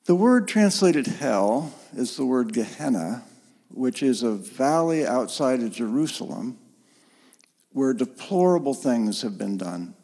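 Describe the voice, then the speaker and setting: Gravelly man preaching in a reverberant hall. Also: medium pitch, big pitch swings, measured pace. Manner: earnest, gently emphatic preaching. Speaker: pastor. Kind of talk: sermon.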